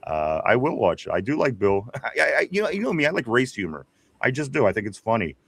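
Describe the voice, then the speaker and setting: A man's voice: mid-range voice, sing-song, fairly quick, gravelly, a bit bright, breathy edge, no echo. A man with a Pittsburgh accent hosting a live sports stream, reading viewer comments aloud in a rambling, casual way. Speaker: podcast host.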